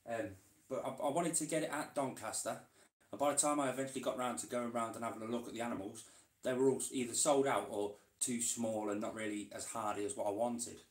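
Working in his indoor reptile room, a male vlogger who keeps reptiles keeps up a rambling, chatty monologue and talks to his animals along the way. His mid-range voice is fast with fairly even intonation. The sound is roomy and echoey, captured from a distance off the mic.

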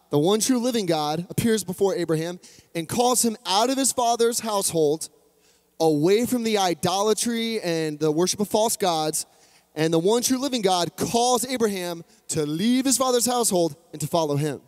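A man's voice: sits high, darkish tone. A man preaching a sermon, retelling an old story in a chatty, humorous way with playful asides. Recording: long hall reverb.

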